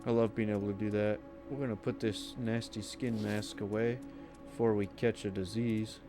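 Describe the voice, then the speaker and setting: A man's voice: fairly low pitch, flat delivery, moderate pace, over music. A man giving casual, rambling commentary as he plays a video game, talking to himself. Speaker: gaming streamer.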